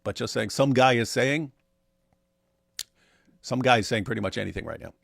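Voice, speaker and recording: A man's voice: mid-range voice, moderate pace, vocal fry, fairly bright tone, no echo, studio quality. A man co-hosting a casual livestream, reading viewer messages aloud and answering them with sarcastic, mocking asides. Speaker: livestream co-host reading super chats.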